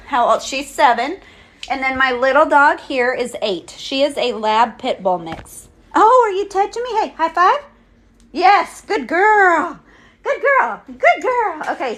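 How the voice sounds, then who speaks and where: High-pitched with a fairly bright tone, a woman talks to her live-stream viewers from home. She wanders from room to room, rambling casually and filling her speech with plenty of ums.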